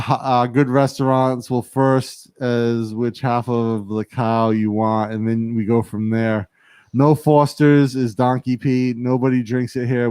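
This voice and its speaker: Man, livestream co-host, chatty and joking, mid-pitched, dry studio sound. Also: a little mellow, smooth, no echo. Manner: joking, laughs often, mimics accents in quotes. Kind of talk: casual chat, reading viewer comments aloud.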